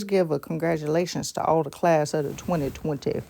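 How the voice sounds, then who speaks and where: A woman's voice: lowish voice, a little fast, vocal fry, hardly any pauses, warm tone. A woman, chatting playfully to viewers while doing her nails, pregnant and at ease. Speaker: nail tutorial vlogger. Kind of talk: casual tutorial chat.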